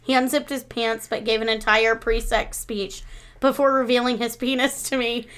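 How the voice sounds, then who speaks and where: A woman's voice: fairly high pitch, normal speed, clean tone. A woman in her thirties co-hosting a casual chat, telling frank stories with lots of laughter. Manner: frank, laughing, animated storytelling. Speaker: podcast co-host.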